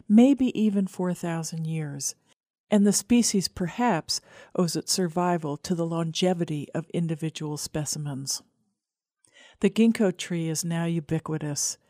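Calm reflective woman narrating an essay. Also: on the low side, dry recording, studio quality. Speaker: radio essayist. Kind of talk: scripted narration.

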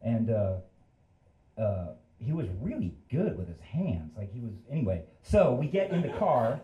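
A man's voice: mid-range voice, big pitch swings, measured pace, mellow, roomy sound, dull audio. Rambling man in his fifties telling a story. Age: 50s. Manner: casual, rambling, self-deprecating. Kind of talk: live storytelling. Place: live venue stage.

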